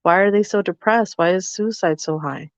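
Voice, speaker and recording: A woman's voice: mid-range voice, normal speed, no echo. Woman telling a story on a dull, lo-fi podcast recording. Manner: lively storyteller, acts out both sides of a dialogue. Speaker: podcast co-host. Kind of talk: casual podcast chat. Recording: dull, dry lo-fi sound.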